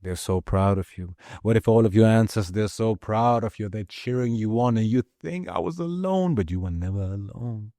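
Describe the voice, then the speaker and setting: A man's voice: on the low side, fairly even intonation, normal speed, hardly any pauses, warm tone, dry recording. A man giving an impassioned spiritual pep talk, repeating his lines and swearing freely for emphasis. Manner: profane, repetitive, emphatic. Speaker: motivational speaker.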